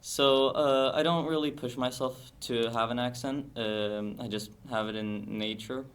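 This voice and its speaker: A man's voice: medium pitch, fairly even intonation, a little slow. Teen boy, American accent, hesitant and playful, lots of "uh", student guest. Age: teens. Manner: hesitant, many "uh" fillers, playful. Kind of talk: casual podcast interview.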